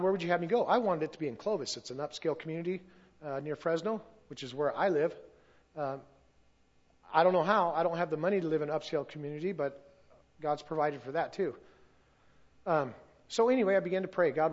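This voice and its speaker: A man's voice: a little high, dull audio. A pastor telling a story in a sermon, acting out the voices of the people he quotes. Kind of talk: testimony sermon.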